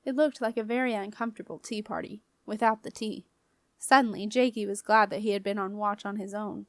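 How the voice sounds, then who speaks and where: A woman reading a children's fantasy novel aloud as an audiobook narrator, in a clear, even storytelling manner. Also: mid-range voice, fairly quick, dry recording, studio quality. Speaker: audiobook reader.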